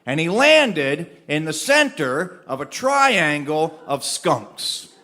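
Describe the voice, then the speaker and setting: A male storyteller telling a funny tall tale to a live audience, animated with comic timing and laughing along. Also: a little high, slow. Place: live stage performance.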